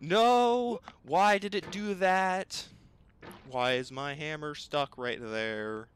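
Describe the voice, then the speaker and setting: A young man commentates on his own gameplay, exasperated and bickering aloud with both the game and himself. His voice is a little high and slow, with a clean tone.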